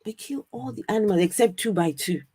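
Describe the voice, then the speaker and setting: A woman co-hosting a live stream, chatting casually with an animated, incredulous manner and frequent laughter. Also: mid-range voice, a little fast, slightly rough, no echo, studio quality. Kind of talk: casual chat reacting to a video. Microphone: streaming microphone.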